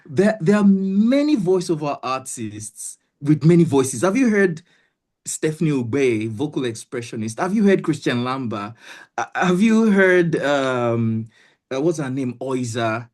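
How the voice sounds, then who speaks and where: Nigerian woman voice coach, low and mellow, swinging pitch, pushy motivational delivery. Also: big pitch swings, unhurried. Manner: emphatic, repeats herself, keeps asking "do you understand". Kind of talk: motivational webinar talk.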